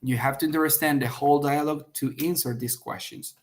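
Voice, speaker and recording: A man's voice: a little high, fairly even intonation, fairly quick, a little hiss or hum. Man teaching test prep, many "okay?" checks. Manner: explains step by step, checks in with frequent "okay?"; acts out example lines with sharp emphasis. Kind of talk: online class lecture.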